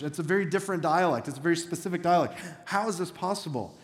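A man's voice: a little high, fast talker, few pauses. A man preaching a sermon as pastor in a church, talking in a conversational but emphatic way. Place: church sanctuary. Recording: echoey hall reverb.

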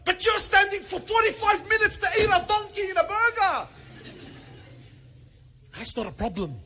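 A man preaching a sermon, animated and joking, firing rhetorical questions and mixing in Arabic phrases. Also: very high-pitched, moderate pace, slight background noise. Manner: peppers speech with Arabic phrases. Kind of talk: sermon to a congregation.

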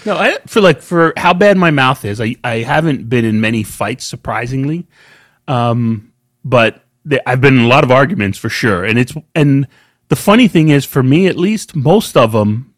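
A man chats casually as a podcast co-host, telling animated stories with plenty of swearing. His voice sits at an ordinary pitch for a man. The recording is dry and close. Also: moderate pace, no room sound. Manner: profane, animated storyteller. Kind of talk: casual chat.

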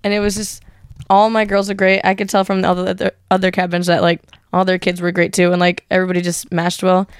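A woman's voice: on the low side, completely flat delivery, fast talker, smooth, dry recording, studio quality. A woman co-hosting a casual podcast chat, giggly and chiming in often. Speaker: podcast co-host.

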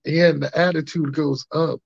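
Slangy podcast host dude, gravelly, kinda dull lo-fi sound. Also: male voice, a little high, fairly even intonation, moderate pace, dry recording. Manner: laid-back slangy banter. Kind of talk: casual chat.

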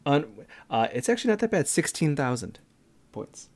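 A man in his thirties, co-hosting a casual gaming podcast and walking through how a game plays, step by step and with animated energy. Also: fairly high pitch, moderate pace. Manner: animated, explains games step by step. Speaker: podcast co-host.

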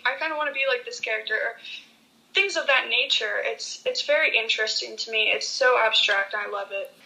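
Bright earnest young woman actress. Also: a little high, poor audio. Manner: earnest, enthusiastic, many "like" fillers. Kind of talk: podcast interview.

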